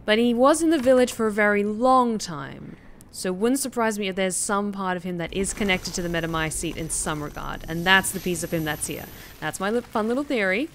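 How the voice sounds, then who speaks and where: A woman's voice: medium pitch, lively intonation, a little fast, a little hiss or hum. A woman streamer casually commenting while she plays a horror game, musing and theorizing aloud. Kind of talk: casual let's-play commentary.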